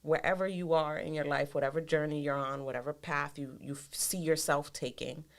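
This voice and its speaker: A woman hosting a podcast in a relaxed chat. She asks probing questions and reflects things back with encouragement. Her voice is quite low for a woman. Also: fairly quick. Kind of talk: casual chat.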